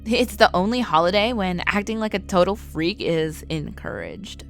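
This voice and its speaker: A woman voicing a brash, theatrical teenage girl who loves Halloween, shouting and teasing her friends. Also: mid-range voice, moderate pace, faint music behind, lightly acted.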